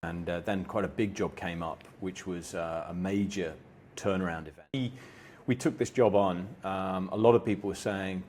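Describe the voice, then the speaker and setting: A man, a company co-founder, reminiscing in a relaxed storytelling way, with many fillers and restarts. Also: deep voice, normal speed, few pauses, slight background noise. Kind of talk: anniversary reminiscing. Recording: music playing under the voice.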